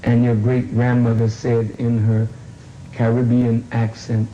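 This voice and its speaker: An older man tells a family story slowly and deliberately, pausing often. His voice is dark and mellow. The recording sounds dull and roomy. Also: medium pitch, monotone, a little hiss or hum. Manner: deliberate, with long pauses and fillers. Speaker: grandfather telling a family story. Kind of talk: slow storytelling.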